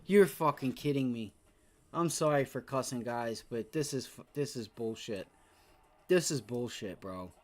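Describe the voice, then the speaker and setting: A man's voice: medium pitch, a little slow. A young man giving live trading commentary on a stream, frustrated, swearing and repeating his exclamations. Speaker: day trader streaming live.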